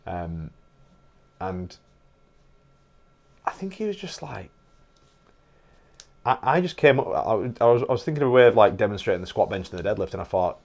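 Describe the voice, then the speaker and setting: A man's voice: lowish voice, lively intonation, normal speed, vocal fry, pauses often, darkish tone. A man, a fitness coach guest, chatting casually with laughter and swearing. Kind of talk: casual chat.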